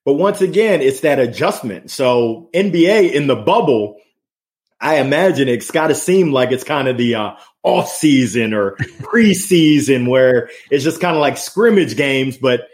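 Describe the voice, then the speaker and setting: A man talking as a guest in a casual conversation, energetic and passionate, joking and laughing, on a remote video call. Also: medium pitch, measured pace.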